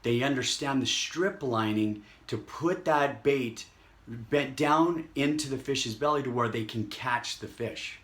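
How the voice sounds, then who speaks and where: Energetic man giving a sales training talk. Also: mid-range voice. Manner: energetic, acts out prospect dialogue in quick bursts. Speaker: network marketing trainer.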